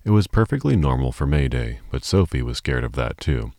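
Male audiobook narrator, extremely deep voice, calm and measured, dry booth sound. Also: creaky, no room sound.

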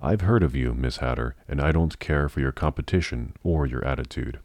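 A man's voice: extremely low pitch, fairly quick, a little mellow, no echo. A man reading the lines of a haughty, commanding witch with a musical, scornful voice in a storybook. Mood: menacing. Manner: scornful, cutting.

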